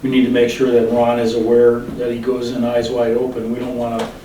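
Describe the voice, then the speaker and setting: Man chairing a meeting, flat and echoey. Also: medium pitch, background noise. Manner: halting, leads the discussion, restarts often. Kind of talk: public meeting discussion. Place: council meeting room. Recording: echoey room, far from the mic.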